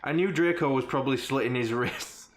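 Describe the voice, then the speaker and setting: A man's voice: mid-range voice, brisk, a little hiss or hum. A man co-hosting a podcast, reading a text aloud for comedy and often breaking into giggles. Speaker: podcast co-host.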